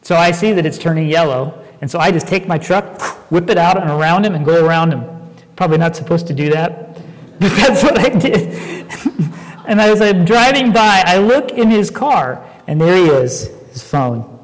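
A man preaching a sermon, talking conversationally and telling stories with animated asides. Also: sits high, moderate pace, in a large hall. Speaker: pastor.

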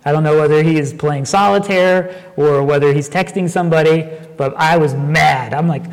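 A man preaching a sermon, talking conversationally and telling stories with animated asides. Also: fairly high pitch, a little fast, few pauses, long reverb tail. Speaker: pastor.

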